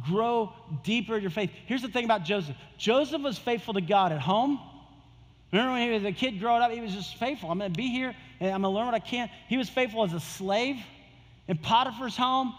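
A man's voice: extremely high pitch, a little fast, a bit bright, long reverb tail. A male pastor preaching a sermon in a casual, conversational way, repeating his key phrases.

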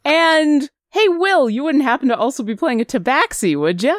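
A woman running a tabletop role-playing game, introducing her players in a bright, playful, welcoming way. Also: high voice, expressive, normal speed, dry recording, studio quality. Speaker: dungeon master.

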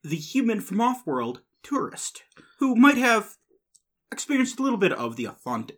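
A man's voice: sits high, big pitch swings, moderate pace, fairly bright tone. A man playing in a tabletop game, chatty and musing aloud. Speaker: player. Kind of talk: casual tabletop game chat.

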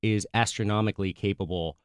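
Guy with a lower voice, calm earnest chat, dry close sound. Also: smooth, dry recording. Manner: measured, earnest, some restarts. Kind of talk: casual political chat.

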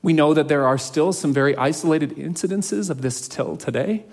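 A male pastor delivering a sermon with a somewhat high, light voice. He speaks earnestly and steadily, drawing out the phrases he wants to land. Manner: earnest, measured preaching with emphatic slow phrases.

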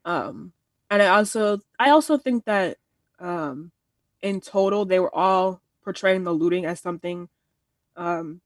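A woman's voice: fairly low pitch, measured pace, no echo, clean studio sound, recorded from a distance. A woman around twenty in a casual discussion, earnest and rambling, restarting her sentences and slipping into quoted asides. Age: 20s. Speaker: panelist.

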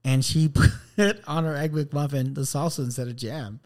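A man's voice: medium pitch, fairly even intonation, moderate pace, a little mellow. A young man co-hosting a casual chat, laid-back, joking, telling stories. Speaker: podcast co-host.

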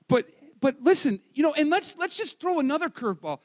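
A married man preaching a sermon with loud, energetic delivery, dropping into quiet self-mocking asides. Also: extremely high pitch, fairly quick, few pauses, in a large hall. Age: adult, married. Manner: swings between shouting and quiet asides. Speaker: pastor.

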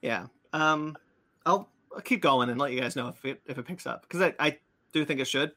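A man's voice: a little high, moderate pace, pushed and bright. A man hosting a casual podcast chat, rambling with many fillers and restarts. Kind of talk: casual chat about comics and cartoons.

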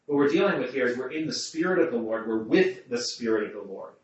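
This medium-pitched man talks fast and expressively while running a small-group Bible study, musing out loud, starting over, and questioning the people near him. The distant mic leaves the room sound muffled and echoey.

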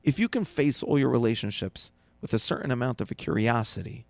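Gravelly-voiced rabbi, animated storyteller. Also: male voice, medium pitch, a little fast, no echo. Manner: animated storyteller acting out quotes, many restarts. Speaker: rabbi and teacher. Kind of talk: casual spoken advice on a podcast.

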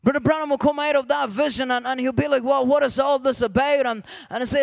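High-pitched gravelly man preaching a sermon. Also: fairly even intonation, quick pace, dry recording. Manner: repeats "amen" often, rising to shouted emphasis.

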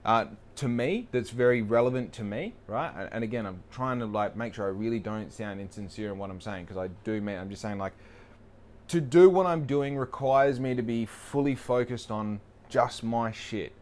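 A man's voice: mid-range voice, moderate pace, darkish tone. A young man talking casually in a rambling, profane, self-deprecating way. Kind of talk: casual monologue.

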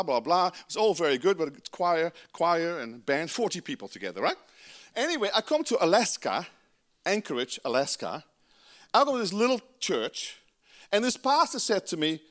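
A man's voice: a little high, a bit bright. A man from the Netherlands with a Dutch accent, preaching a sermon with emphatic, conversational asides. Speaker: pastor.

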